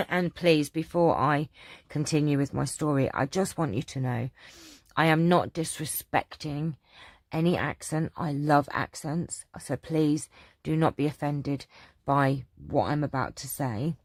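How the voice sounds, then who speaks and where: A woman's voice: sits low, a little slow, dry recording, clean studio sound. An older woman from London with a Cockney accent, casually chatting to her viewers and telling rambling stories full of ums and restarts. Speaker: channel host answering viewer questions. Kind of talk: casual chat.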